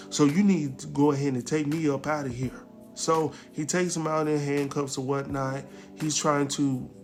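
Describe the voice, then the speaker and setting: Man, casual recap host, slangy, acts out quotes, fairly high voice, faint music underneath.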